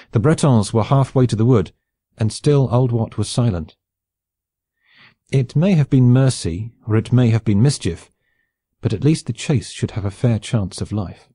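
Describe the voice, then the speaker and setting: Deep-voiced male audiobook narrator. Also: mellow, husky, dry recording, studio quality. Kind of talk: scripted narration of a classic novel.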